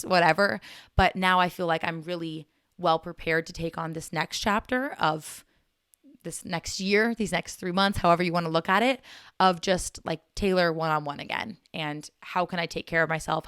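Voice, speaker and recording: A woman's voice: on the low side, a bit bright, clear, resonant tone, no room sound, studio quality. A young woman hosting her own podcast, talking casually in an earnest, rambling, sentimental way. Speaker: podcast host. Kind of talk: casual solo podcast talk.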